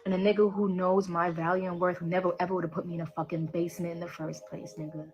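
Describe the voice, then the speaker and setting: A woman's voice: on the low side, level tone, fast, a little mellow, poor audio. A woman in a played social media clip, ranting in a boastful, profane and emotional way and affirming herself. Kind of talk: social media live rant.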